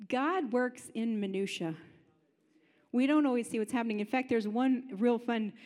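Chatty woman preacher in an echoing hall. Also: a little high. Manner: chatty, animated, humorous. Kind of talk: sermon. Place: large high-ceilinged room. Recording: long hall reverb.

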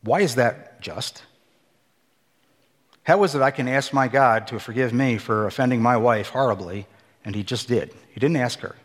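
Middle-aged male ex-pastor, testimony sermon; emotional, swings loud to hushed; voice rings in a long hall reverb. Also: normal speed. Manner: emotional, swinging between loud emphatic bursts and hushed low passages. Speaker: former pastor and missionary giving testimony.

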